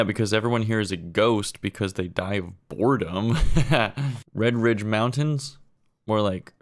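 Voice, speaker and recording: Brief: man, deadpan pun roasts, low voice, unhurried delivery. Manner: deadpan, drops lower and quieter for each punchline. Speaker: comedian. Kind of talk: comedy monologue of pun-filled roasts.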